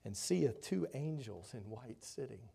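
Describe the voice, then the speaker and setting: A man preaching a sermon, reading scripture aloud and expounding on it with rhetorical questions, his voice swelling loud for emphasis and dropping soft. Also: mid-range voice, animated, measured pace, vocal fry, slightly rough.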